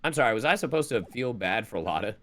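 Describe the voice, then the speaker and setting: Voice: medium pitch, big pitch swings, fast, fairly bright tone. A streamer casually joking and reading game dialogue. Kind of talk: playing a game with voiced dialogue.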